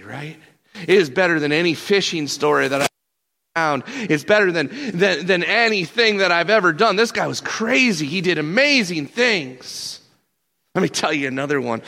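A man playing the apostle Peter as an excitable, laid-back fisherman, telling his stories in slangy first person with lots of stammered restarts. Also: fairly high pitch, creaky, heavily acted. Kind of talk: first-person character monologue.

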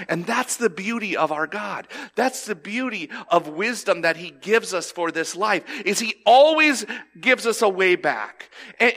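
A man, telling a personal story in a sermon and acting out the lines he quotes. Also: high voice. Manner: animated, acts out quoted lines. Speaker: pastor.

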